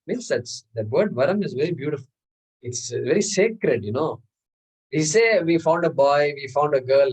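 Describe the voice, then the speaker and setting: A man's voice: mid-range voice, darkish tone, slightly rough, low-quality recording. A man, teaching a scripture class and explaining terms patiently, repeating words and chuckling often. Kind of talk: class lecture.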